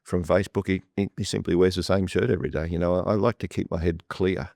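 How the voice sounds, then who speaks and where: A deep-voiced man speaks plainly, often restarting his sentences as he tells a story. The sound is close and dry, with no room around it. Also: level tone, quick pace, gravelly, darkish tone, no echo. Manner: repetitive restarts, blunt and plain-spoken. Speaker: property developer guest. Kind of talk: conversational storytelling on a panel. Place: room with a live audience.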